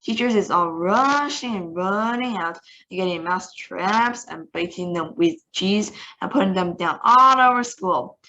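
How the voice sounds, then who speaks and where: A woman reading a storybook aloud, voicing a wicked old witch leader who shouts and gloats shrilly. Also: medium pitch, animated, measured pace, hardly any pauses. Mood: triumphant. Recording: dull lo-fi video call recording.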